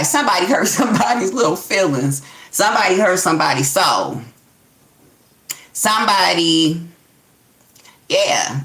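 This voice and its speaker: Bright-voiced blunt woman tarot reader. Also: on the low side, roomy sound. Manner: blunt, profane, acts out heated quotes. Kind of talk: casual tarot reading monologue.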